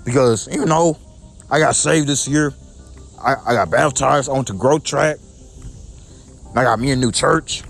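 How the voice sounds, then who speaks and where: A man's voice: medium pitch, expressive, moderate pace, vocal fry, pauses often, husky, soft background music. A young man venting to his viewers in a repetitive, aggrieved way, often stumbling and restarting his sentences. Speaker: vlogger. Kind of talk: personal rant to camera.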